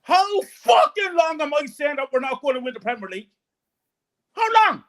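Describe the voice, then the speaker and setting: A man's voice: extremely high pitch, very animated, a little fast, a bit bright. A man joining a fan panel by call, ranting emphatically and bitterly about his team, repeating his points. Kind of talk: heated fan rant on a call.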